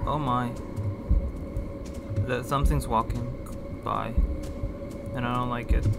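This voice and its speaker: A man's voice: medium pitch, fairly even intonation, slow pace, creaky, over loud music. A man giving nervous running commentary while playing a horror game, repeating himself and swearing as he goes. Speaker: gaming YouTuber.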